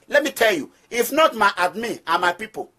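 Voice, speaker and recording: A man with a Nigerian accent speaks in a high, forceful voice with a tense edge. He delivers declamatory political commentary to his followers and hammers points home by repeating them. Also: sing-song, fairly quick. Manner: declamatory, emphatic, repeats phrases for stress; preaching address to listeners. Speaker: activist movement leader. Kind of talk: direct-address political commentary.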